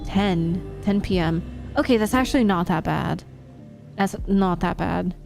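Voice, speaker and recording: A woman's voice: fairly low pitch, measured pace, gravelly, darkish tone, soft background music. A young woman live streamer chatting casually with her audience, laughing often and reacting to chat.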